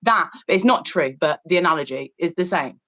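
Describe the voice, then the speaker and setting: A woman's voice: low voice, expressive, normal speed, pushed and bright, rough recording. A woman in casual chat on an art stream, telling a long story with many fillers and restarts, sounding incredulous and disgusted. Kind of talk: casual chat while painting.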